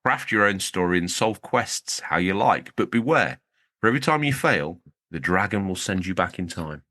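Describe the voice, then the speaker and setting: Lowish teasing male podcast host. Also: lively intonation, moderate pace, pushed and bright. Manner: teasing, jokey banter. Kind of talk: casual chat.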